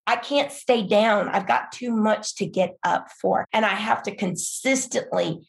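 A woman's voice: mid-range voice, a little slow, gravelly. A middle-aged woman, a pastor's wife, telling her story in an earnest, emphatic, encouraging way on a faith podcast. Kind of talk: faith-based podcast conversation.

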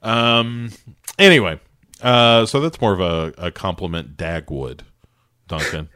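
A man's voice: low voice, measured pace, sharp tone. An American man co-hosting a podcast, chatting casually about movies in a rambling, wry way. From United States. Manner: rambling, wry, breaks into laughs. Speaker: podcast co-host.

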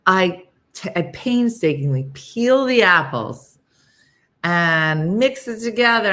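Casual livestream host, woman, low-pitched, rambling and chatty, clears her throat a lot. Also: unhurried, pauses often, a bit bright. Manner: rambling and chatty, many fillers and restarts. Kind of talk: casual chat with live viewers.

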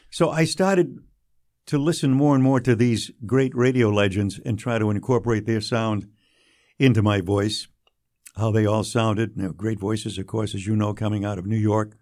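An older man, a radio broadcaster recalling his early career in an unhurried, anecdotal interview manner. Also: on the low side. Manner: warm anecdotal storytelling, drops quietly for quoted lines. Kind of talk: storytelling interview.

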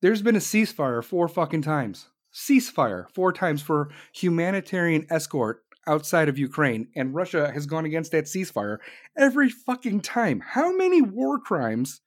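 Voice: mid-range voice, big pitch swings, moderate pace. A commentator delivering an angry, blunt political rant full of swearing.

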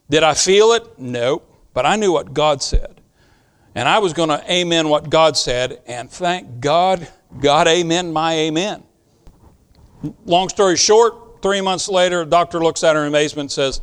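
A man preaching a sermon, telling a personal story earnestly, swinging between hushed and loud emphasis. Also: a little high, normal speed, smooth. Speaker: pastor.

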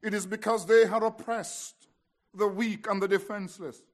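A man preaching an expository sermon, telling the story with drama and swinging between hushed lines and emphatic ones. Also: high voice, fairly even intonation, moderate pace.

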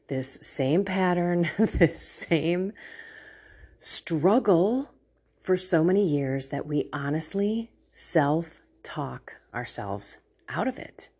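Woman host, low husky voice, slow, animated faith storyteller. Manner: animated storytelling, laughs often. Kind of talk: casual faith talk.

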